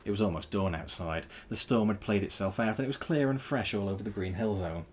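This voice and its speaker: Husky man reading a story aloud. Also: on the low side, a little fast, few pauses. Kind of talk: animated live read-aloud of a novel.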